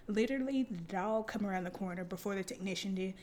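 A young woman telling clinic stories on a podcast, laughing often and acting out the people in them. She talks in a casual, animated way, and her voice swings between high and low. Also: quick pace. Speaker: podcast co-host, veterinary technician. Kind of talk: casual storytelling chat.

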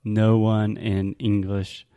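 A man's voice: lowish voice, little pitch movement, mellow, clean tone. A man with a Southern US accent, patiently teaching English pronunciation through examples in a casual chat. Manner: patient, explains slowly with examples.

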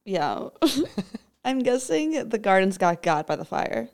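A woman co-hosting a podcast in casual chat, expressive with dramatic reactions. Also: mid-range voice, slow. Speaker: podcast co-host.

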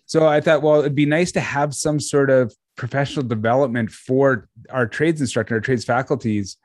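A man co-hosting a podcast on trades teaching, talking in a relaxed, chatty way and laughing easily. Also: medium pitch, moderate pace, no echo, studio quality. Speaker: podcast co-host, trades education developer. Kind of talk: casual conversational podcast chat.

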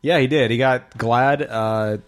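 A man's voice: medium pitch, steady tone, unhurried. A man hosts a loose, casual podcast and walks through one news item after another with a joking edge. His voice sits right in the middle of the usual range for a man. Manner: joking, runs through news items by category. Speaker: podcast host. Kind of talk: casual chat.

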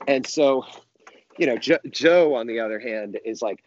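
A man telling a long story as a podcast guest, rambling and animated, with many restarts and fillers. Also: mid-range voice, moderate pace, no echo, muffled recording. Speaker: musician guest.

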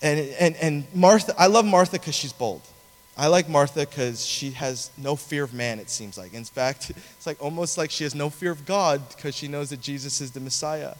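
A man preaching a sermon, telling a story in an animated, conversational way, in a large cathedral. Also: fairly high pitch, normal speed. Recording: long reverb of a large hall.

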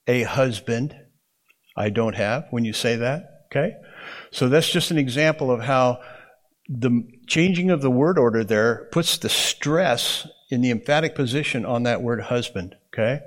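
A man's voice: mid-range voice, moderate pace. A man teaching a Bible interpretation class, explaining in a folksy way and often checking in with the room. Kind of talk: classroom lecture.

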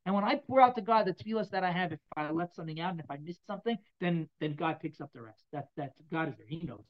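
Man, Torah class teacher, brisk delivery, repeats himself, muffled lo-fi recording. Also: fairly high pitch, lively intonation. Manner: conversational, repeats phrases, many fillers and restarts.

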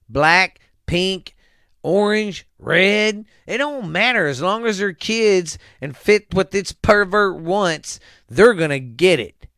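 A man's voice: high-pitched, fairly bright tone, clear, resonant tone, no room sound, clean studio sound. A man hosting his own show, ranting angrily at his listeners, swearing constantly and rambling as he goes. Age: adult with children. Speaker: show host. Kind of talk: angry profane rant to listeners.

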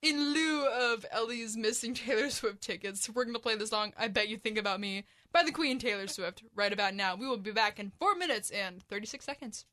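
A woman hosting a school radio show, chatting casually and reading a sports update with upbeat, drawn-out emphasis. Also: a little high, pushed and bright.

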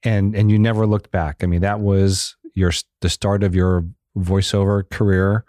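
A man hosting a podcast, asking measured, reflective interview questions. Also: low voice, little pitch movement, mellow, dry recording, studio quality. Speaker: podcast host. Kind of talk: interview conversation.

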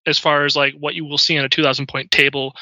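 A man's voice: a little high, little pitch movement, quick pace, sharp tone, dry recording. A man as a podcast guest in casual chat, rambling with lots of ums and uhs. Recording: dull lo-fi audio.

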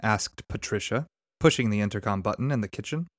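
A man reads a story from his home with a lively, expressive voice that rises and falls a great deal across each sentence. His voice sits in an ordinary middle register, recorded dry and close with no room sound. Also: fairly low pitch, fairly quick, dry recording. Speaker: story reader and podcast engineer. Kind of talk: scripted narration.

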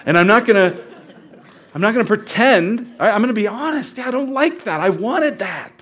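A man preaching with a slightly high-pitched voice. He moves between a quiet, confiding hush and loud, almost shouted emphasis. He talks earnestly and conversationally, weaving in personal stories. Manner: swings from hushed, quiet delivery to loud, near-shouted emphasis. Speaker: pastor. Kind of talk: sermon.

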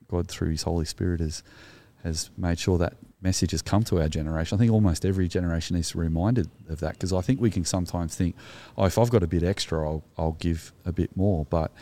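A deep Australian man in his fifties talks through a theology podcast conversation, his voice gravelly with a mellow, dark tone. He speaks conversationally, often restarting his sentences as he thinks aloud. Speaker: podcast co-host. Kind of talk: casual theological discussion.

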